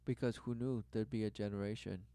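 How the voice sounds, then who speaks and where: Man, gravelly, smooth resonant tone, dry close sound, rhetorical repetition, emphatic religious commentary. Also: fairly even intonation, brisk, no room sound. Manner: repetitive rhetorical, keeps asking "who knew"; emphatic, swings between loud bursts and low mutters. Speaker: online commentator. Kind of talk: religious commentary over clips.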